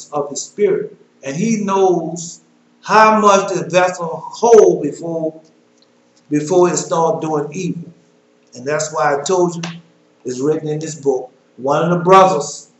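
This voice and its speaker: Southern man teaching Bible, echoey room. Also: on the high side. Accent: Southern American. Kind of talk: informal Bible teaching video. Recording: roomy echo.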